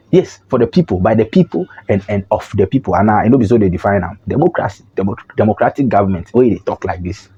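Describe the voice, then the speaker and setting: A Ghanaian man riffs through opinionated political commentary, animated and mocking, often restarting his sentences. His voice is husky and mellow. The recording sounds dull and lo-fi. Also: fairly low pitch.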